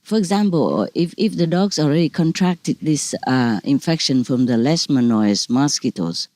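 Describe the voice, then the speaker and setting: Low, mellow-voiced woman telling stories. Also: expressive, moderate pace, no room sound. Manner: warm, anecdotal storytelling with frequent "you know" and soft laughs. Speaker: spiritual teacher. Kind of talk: casual talk to listeners.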